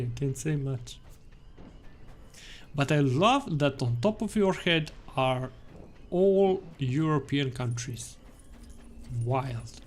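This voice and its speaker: A man's voice: a little high, slight background noise. A man with a non-native English accent that is often taken for Slavic, streaming gameplay live and chatting playfully with viewers. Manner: playful, teasing, animated. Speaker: gaming streamer.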